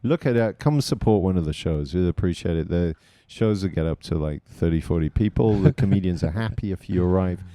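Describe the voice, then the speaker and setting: A man from Hampshire with a fairly low voice, bantering bluntly and swearing freely as a comedy podcast co-host. His delivery swings widely in pitch and sounds warm and mellow, close and dry on a studio mic. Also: lively intonation, fairly quick, few pauses, dry recording. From Hampshire, England. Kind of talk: casual banter.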